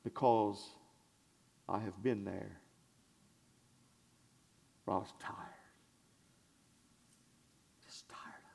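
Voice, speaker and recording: A male pastor preaching a sermon in a church, swinging from shouted declarations to hushed asides in a folksy, conversational way. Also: lowish voice, fairly even intonation, creaky. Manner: conversational, drawn-out and folksy, with audience call-and-response.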